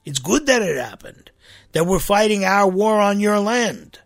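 A man's voice: high voice, big pitch swings, a little slow, vocal fry, soft background music. A man who is a church priest, giving a conversational sermon to his congregation, rambling and repeating himself with rhetorical "right?" asides.

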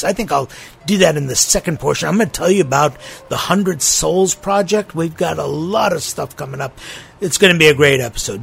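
Lively gravelly priest hosting a podcast. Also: male voice, fairly high pitch, slight background noise. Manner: playful, tongue-in-cheek, teasing. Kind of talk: conversational spiritual podcast talk.

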